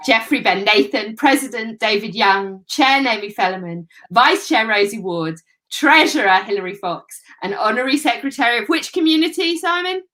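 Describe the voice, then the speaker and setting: A woman's voice: on the high side, animated, normal speed, hardly any pauses, fairly bright tone. A woman hosting a live video call, reading out tributes and keeping things moving.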